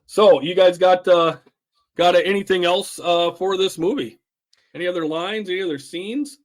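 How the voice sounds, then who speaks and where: Podcast co-host, male, rambling casual chat, a bit high-pitched. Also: moderate pace. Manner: rambling, laughs while retelling quotes. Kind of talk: casual chat about a film.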